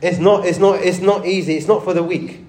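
A man's voice: sits high, fairly even intonation, fairly quick, darkish tone, echoey room. A man preaching a sermon, conversational, often asking the church rhetorical questions and repeating words as he restarts. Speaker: pastor.

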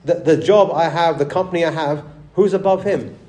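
Guy preaching in a church, lots of "right?" and "you understand?", warm dark voice, roomy echo. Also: a little high, moderate pace. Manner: conversational preaching with frequent rhetorical questions; repeats words as he restarts. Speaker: pastor. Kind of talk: sermon.

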